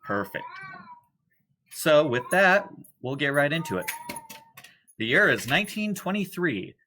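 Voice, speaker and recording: A man narrating as game master of a tabletop horror game, relaxed and sometimes losing his thread. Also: fairly high pitch, measured pace, a little hiss or hum, rough recording. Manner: relaxed, occasionally losing his train of thought.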